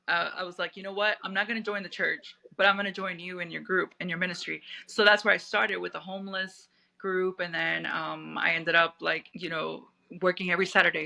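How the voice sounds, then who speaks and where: A woman's voice: fairly low pitch, vocal fry, bright, forceful tone, low-quality recording. A woman from Puerto Rico, in her thirties, telling her life story as an interview guest, rambling with many restarts and fillers.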